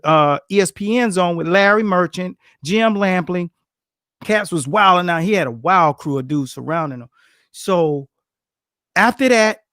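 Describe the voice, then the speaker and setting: A man, a boxing coach, telling gym stories in a casual, animated chat full of slang and acted-out quotes. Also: sits high, clean tone, no room sound, studio quality. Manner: animated, slangy, acts out quotes with grunts and laughs.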